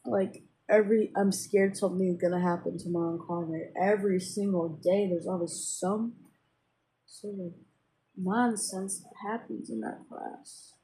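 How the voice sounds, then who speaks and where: A woman talks straight to her viewers in a loose, rambling vent, circling back on her words and filling gaps with fillers. Her voice sits a little low for a woman and has a mellow, dark tone. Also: slight background noise, rough recording. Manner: rambling, with many fillers and restarts. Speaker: vlogger. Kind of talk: casual personal venting to camera.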